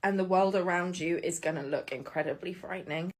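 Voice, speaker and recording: A woman's voice: on the low side, brisk, a little hiss or hum. Woman, tearful and pleading, vlog to camera. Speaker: social media commenter. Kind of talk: emotional vlog.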